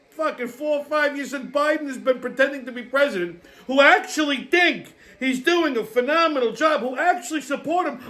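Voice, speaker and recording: A man's voice: extremely high pitch, bright, forceful tone. A man hosting his own show, telling a story as a profane, heated rant. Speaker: host. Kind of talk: casual ranting monologue.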